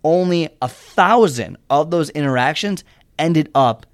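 A man's voice: a little high, animated, unhurried. A young man talking casually and earnestly about a fitness mindset, rambling and restarting his sentences as he gives advice. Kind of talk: casual motivational monologue.

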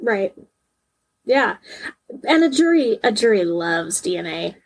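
A woman's voice: medium pitch, very animated, unhurried, husky, poor audio. A woman co-hosting a true-crime podcast in casual chat, reading case details aloud in between. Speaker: podcast co-host.

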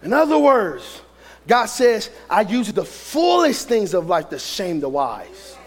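Man, preacher, very high voice, animated pitch, shouting sermon. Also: slow pace. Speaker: pastor.

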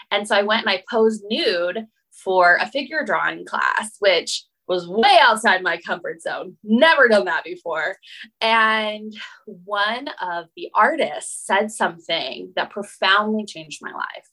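A woman from Utah, a boundary coach, telling her story as an interview guest in an animated, chatty way full of "like" and "um". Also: mid-range voice, poor audio. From Utah, United States. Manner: animated, chatty, many fillers like "like" and "um".

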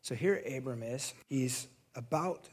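A male pastor preaching a sermon in a conversational storytelling way, acting out voices and getting louder in his anecdotes. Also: medium pitch, unhurried, husky. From California.

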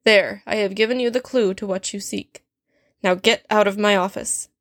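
A woman's voice: medium pitch, fairly even intonation, normal speed, a bit bright, dry recording, clean studio sound, close to an everyday voice. A woman reading a story aloud, voicing a stern, sardonic male potions professor who speaks in a cold, clipped and cutting way. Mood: cold, scornful.

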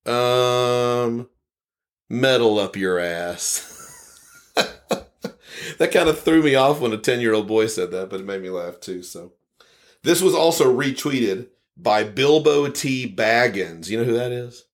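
A man's voice: mid-range voice, animated, unhurried. A man hosting a podcast, reading listener comments aloud in a casual, rambling way and chuckling often. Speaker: podcast host.

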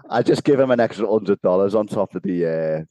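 Brief: male podcast co-host, low dark voice, dry close sound, chatty storyteller who laughs a lot. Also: no room sound, low-quality recording. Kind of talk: casual chat. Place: home kitchen.

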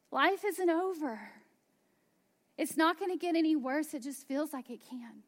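Delivering a sermon, a thirty-something woman pastor speaks slowly with emphasis, now and then lowering to hushed asides. Her voice is pitched high.

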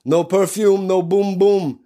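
A man's voice: sits high, steady tone, takes it slowly, mellow, voice pushed up. A man voicing a cheeky Nigerian nightclub toilet attendant with rhyming sales patter, in a Nigerian pidgin English accent. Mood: hustling.

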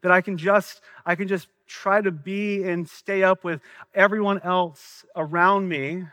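Male pastor, Southern accent, higher-pitched voice, dry close sound, earnest sermon delivery. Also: fairly even intonation, measured pace, sharp tone, dry recording. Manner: earnest, questioning preacher, some stumbles and repeats.

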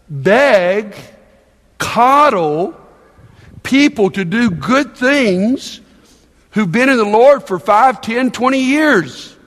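High-voiced older pastor preaching in a hall. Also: male voice. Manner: animated storytelling, acting out quoted voices. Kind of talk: sermon. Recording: long reverb of a large hall.

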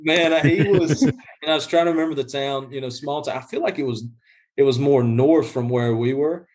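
A man's voice: medium pitch, fairly quick, darkish tone. Guy on a podcast rambling through a story, lots of uh and you know, medium voice. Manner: rambling storyteller with many restarts and fillers. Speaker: guest groundskeeper. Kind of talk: casual podcast chat. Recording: livestreamed podcast.

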